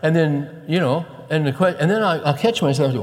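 Talking fast with hardly a pause, this expressive pastor has a darkish tone and sounds like he's in a large room. His sermon is conversational, with casual side remarks that rise into emphatic urging, and he drops low when quoting scripture.

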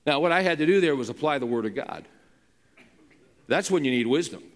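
A male pastor delivers a sermon through an emphatic, conversational story. His voice sits a little high for a man, and it rings with the long reverb of a large hall. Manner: emphatic, conversational, with frequent restarts.

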